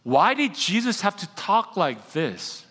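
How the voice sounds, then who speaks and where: A man preaching a sermon as pastor, an animated storyteller who slows down to stress key points, in a church sanctuary. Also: sits high, breathy edge. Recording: long hall reverb.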